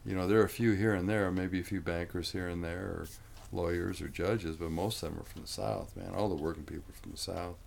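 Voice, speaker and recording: A man's voice: deep voice, fairly even intonation, fairly quick, creaky, a little mellow. A man in casual conversation, rambling in a folksy way and often saying "man".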